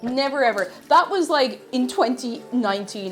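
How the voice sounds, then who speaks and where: A woman's voice: high voice, animated, moderate pace, faint music behind. A woman telling self-mocking anecdotes in a casual live stream, with many fillers.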